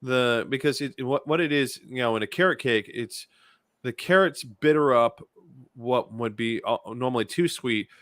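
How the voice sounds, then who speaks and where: Rambling mid-pitched podcast co-host. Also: male voice, normal speed, fairly bright tone, dry recording, clean studio sound. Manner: hesitant, lots of restarts and fillers, descriptive. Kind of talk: casual chat, beer review.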